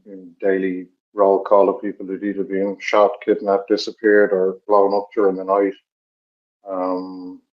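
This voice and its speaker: A middle-aged man from Dublin with an Irish accent, telling stories in a measured, reflective way with many pauses. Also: fairly low pitch, darkish tone. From Ireland. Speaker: podcast co-host. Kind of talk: reflective storytelling chat. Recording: dull lo-fi recording.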